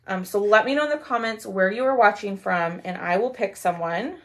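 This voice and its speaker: A woman's voice: mid-range voice, a little fast, fairly bright tone. Bubbly woman hosting a craft livestream. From Texas. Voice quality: laughs often. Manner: bubbly, reads out viewer comments and greets them.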